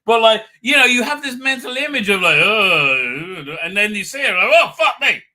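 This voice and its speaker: A middle-aged man hosts a loose, unscripted live show and reads viewer comments aloud. His voice sits a little high with a very bright, cutting edge. He rambles from one tangent to the next and often breaks into laughter. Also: animated. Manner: rambling, chatty, quick to laugh. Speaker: livestream host. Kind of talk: casual live chat, reading viewer comments.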